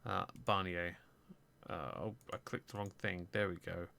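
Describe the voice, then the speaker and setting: A man's voice: sits low, steady tone, normal speed, vocal fry, bright, forceful tone. A man hosting a casual political livestream, with a dry, teasing manner. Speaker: stream host.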